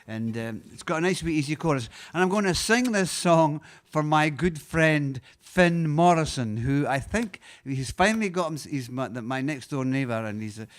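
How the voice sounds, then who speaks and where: A Scottish man, a singer-songwriter, telling a rambling, halting story between songs, chuckling often. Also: fairly high pitch, lively intonation. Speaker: singer-songwriter introducing a song.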